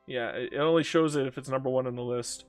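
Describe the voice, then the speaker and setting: Over faint background music, a man with a medium-pitched voice talks fast in casual live-stream commentary on a strategy game. He's chatty and swears, talking back both to the game and to chat.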